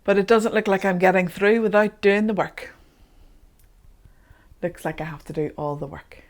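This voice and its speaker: A woman leading a guided tapping session, speaking slow, repetitive affirmations. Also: medium pitch.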